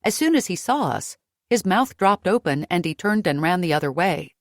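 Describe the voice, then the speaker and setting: A woman narrating a fantasy romance audiobook in first person, with a lively delivery and close studio sound. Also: normal speed, no room sound. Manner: lively, raising pitch for her own character's dialogue.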